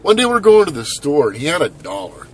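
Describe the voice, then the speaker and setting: A man in his forties from Southern California, chatting casually and rambling to camera as a vlogger, hyperactive and animated, outdoors at a skate park. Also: on the high side, fast, slight background noise. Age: 40s. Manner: hyperactive, animated, loose and conversational with many asides.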